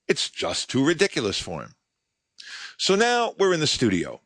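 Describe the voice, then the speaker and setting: A man's voice: a little high, huge pitch swings, normal speed, a bit bright, no echo. A male podcast host delivering a scripted monologue as a sardonic, mocking storyteller.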